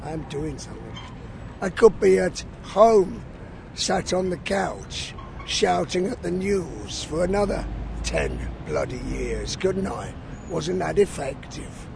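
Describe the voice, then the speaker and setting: A man's voice: sits high, sing-song, slow, gravelly, noisy background. A man, a peace campaigner, giving angry, profane interview answers and asking many rhetorical questions.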